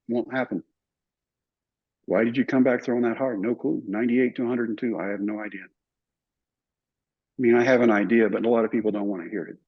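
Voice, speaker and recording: An older man telling stories in an interview, animated and acting out other people's lines. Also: medium pitch, slightly rough. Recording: somewhat dull, muffled recording.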